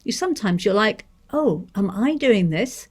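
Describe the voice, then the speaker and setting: A woman's voice: mid-range voice, animated, moderate pace, slightly rough. A woman from Manchester reading aloud the words of an angry young Scottish mother, with a Scottish lilt and a heated, self-questioning manner. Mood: resentful.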